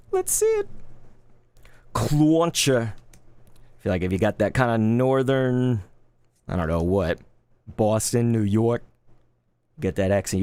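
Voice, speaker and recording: A man in his thirties chatting casually while opening trading cards live, laid-back and quick to get excited. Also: on the low side, creaky. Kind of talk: live card-opening stream chat.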